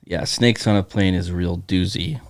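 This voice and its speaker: Male podcast co-host, low register, dry teasing banter, dead-dry sound. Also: moderate pace, no echo. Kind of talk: casual chat. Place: Bismarck, North Dakota.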